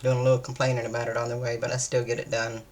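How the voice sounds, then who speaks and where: A woman's voice: very deep voice, flat delivery, very fast, a little mellow. A tired woman, chatting casually in a vlog, meandering and hesitant, with many fillers and restarts. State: weary, low-energy. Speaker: vlogger. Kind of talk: casual day-in-my-life chat.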